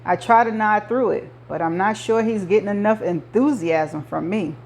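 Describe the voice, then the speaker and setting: A woman reading a novel aloud, narrating in the first person with measured delivery. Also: medium pitch, darkish tone. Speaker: audiobook reader.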